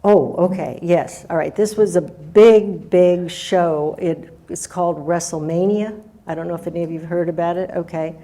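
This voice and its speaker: Older woman, low mellow voice, rambling casual storytelling, many restarts. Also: steady tone, moderate pace, hardly any pauses. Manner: meandering, with restarts and acted-out quotes. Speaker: guest storyteller.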